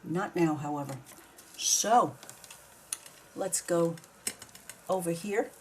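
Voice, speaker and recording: A craft video maker with a fairly low, slightly mellow voice talks herself slowly through a project step by step, in casual narration. Now and then she grumbles mildly at the work, and there's slight background noise.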